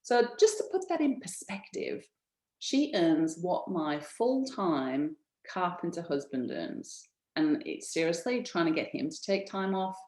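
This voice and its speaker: Brief: enthusiastic woman webinar host from Australia, lowish voice, roomy echo. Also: animated, measured pace, darkish tone. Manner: enthusiastic, many ums and restarts. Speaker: business founder presenting an info session. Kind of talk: webinar presentation, casual and chatty.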